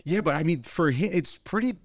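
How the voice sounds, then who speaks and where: A man's voice: a little high, brisk, dry recording, clean studio sound. Man rambling casually with a co-host. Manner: relaxed, rambling, lots of "like" and "you know". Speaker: podcast co-host. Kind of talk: casual chat.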